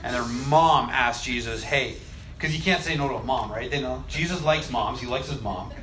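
Animated man telling scripture stories. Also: mid-range voice, normal speed, a crowd in the background. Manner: animated storyteller, acts out quoted lines, laughs often. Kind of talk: casual faith discussion.

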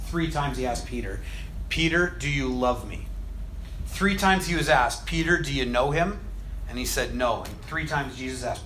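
Man, minister, casual faith discussion, animated storytelling, acts out quotes, middle pitch. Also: a little hiss or hum.

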